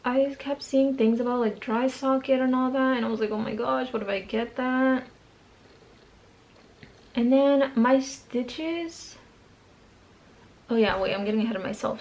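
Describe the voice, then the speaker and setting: A woman's voice: fairly high pitch, moderate pace, a little mellow, dull audio. A young woman chatting casually while she does her makeup at home, rambling with lots of slang and fillers. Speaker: beauty vlogger. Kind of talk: chatty get-ready-with-me vlog. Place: home, doing makeup at a mirror.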